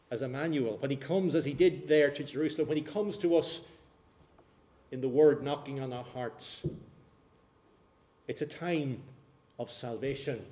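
A man's voice: mid-range voice, mellow. Earnest preacher man in an echoey church. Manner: earnest, repeats words when searching for phrasing. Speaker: pastor. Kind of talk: sermon.

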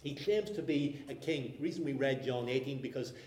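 A man preaching an expository sermon, explaining the text at a measured pace and circling back over his words. His voice is mellow and warm, and the room lends it a roomy echo. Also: mid-range voice, slight background noise. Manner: measured, explanatory, with frequent restarts.

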